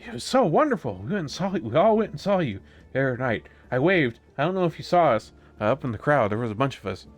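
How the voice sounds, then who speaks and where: A man's voice: mid-range voice, big pitch swings, quick pace, faint music behind, pitched above the performer's own voice. A man voicing an eager little furry villager who gushes and repeats himself. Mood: gushing.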